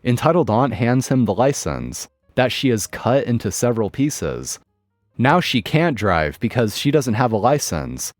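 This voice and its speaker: A man narrating a forum story aloud in an expressive storytelling way. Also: medium pitch, unhurried, dry recording, soft background music.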